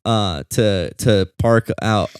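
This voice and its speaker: A man's voice: on the low side, slow, clean tone, no room sound, studio quality. A young man, a security guard, casually telling a story in a rambling way, full of fillers and acted-out quotes.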